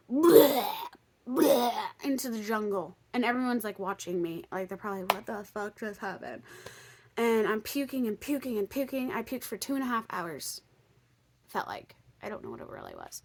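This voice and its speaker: A young woman vlogger telling a story casually, chatty with lots of fillers, dropping to whispers and bursting into excitement. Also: a little high. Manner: chatty, lots of "like" and "um", swings between excited outbursts and hushed whispers.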